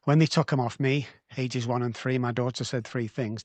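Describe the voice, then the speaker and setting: A man's voice: medium pitch, steady tone, normal speed, no echo. A middle-aged man from England, a guest on a podcast, telling his recovery story in a blunt, heartfelt way and swearing freely. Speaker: guest, addiction recovery doctor. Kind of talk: emotional storytelling in a podcast interview.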